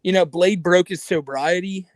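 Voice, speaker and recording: A man rants on a casual podcast, cursing freely and mimicking people he mocks. His voice sits a little high. The sound is dry and close. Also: moderate pace, dry recording. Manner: ranting, profane, mocking impressions. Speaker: podcast co-host. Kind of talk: casual chat.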